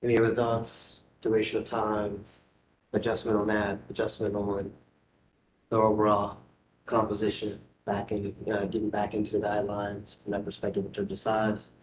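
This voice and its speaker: Male chairman, monotone, low voice, procedural, echoey chamber. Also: moderate pace. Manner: procedural, brief. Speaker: commission chairman. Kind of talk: chairing a meeting. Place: council chamber. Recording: echoey chamber, faint rumble.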